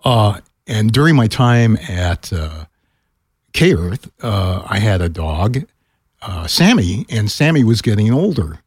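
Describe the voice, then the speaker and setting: Older guy on a podcast, telling a story, voice jumps all over, bit husky, dry close mic. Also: slow pace, no echo. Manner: animated, acts out quoted voices with pitch jumps. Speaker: podcast guest, retired radio broadcaster. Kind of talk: casual storytelling.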